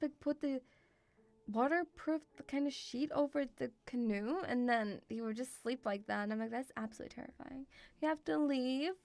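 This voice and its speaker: High-voiced woman, rambling stream chat. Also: creaky. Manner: rambling, swears a lot, many fillers. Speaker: VTuber streamer.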